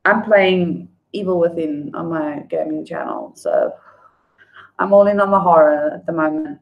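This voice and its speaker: A woman's voice: fairly low pitch, sing-song, normal speed, gravelly, muffled recording. A woman chatting casually on a livestream, greeting viewers by name. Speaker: livestream host. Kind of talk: casual livestream chat, reading viewer comments.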